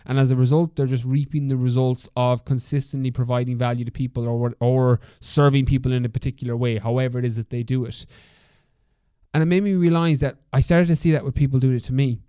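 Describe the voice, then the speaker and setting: Candid Irish man, smooth warm voice. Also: mid-range voice, fairly even intonation, fast, no room sound, clean studio sound. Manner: candid, swears freely, coaching tone. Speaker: podcast host. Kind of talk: motivational solo podcast talk.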